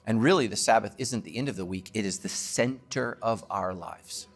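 Male pastor, lowish voice, emphatic preaching, faint music underneath. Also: moderate pace. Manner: emphatic preaching, dropping to a hushed voice in prayer. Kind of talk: sermon.

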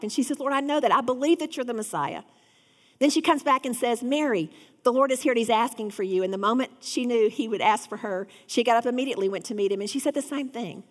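A woman's voice: on the high side, a little fast, long reverb tail. A woman giving an earnest devotional Bible teaching, rising to fervent emphasis.

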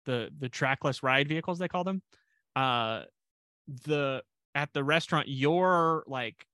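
A man's voice: on the high side, a little slow, sharp tone, clear, resonant tone, no echo. A man co-hosting a podcast in casual chat, rambling with lots of restarts and dry jokes. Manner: rambling, restarts a lot, self-deprecating jokes. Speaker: podcast co-host.

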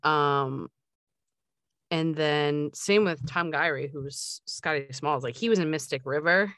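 A woman's voice: sits low, measured pace, a bit bright, no echo, studio quality. A woman co-hosting a podcast, chatting casually, going off on tangents with many fillers. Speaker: podcast co-host. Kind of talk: casual chat.

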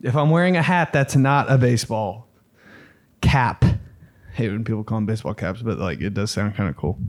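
A man's voice: lowish voice, normal speed. A young man hosting a podcast, riffing in a rambling, profane comedic monologue. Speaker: podcast host.

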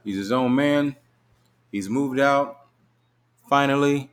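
A man's voice: mid-range voice, slow pace, clean tone. A middle-aged man, a father, teasing and easygoing in casual family chat.

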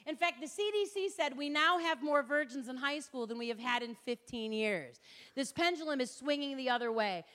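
Her voice is high, animated and fairly bright at a moderate pace. This middle-aged woman speaks publicly in a lecture hall, delivering a passionate, punchy, direct talk and acting out whoever she quotes.

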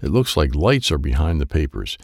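A man narrating a children's story in an expressive, playful read with sound effects. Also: a bass voice, fairly quick, creaky, no echo, clean studio sound. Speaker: audiobook narrator.

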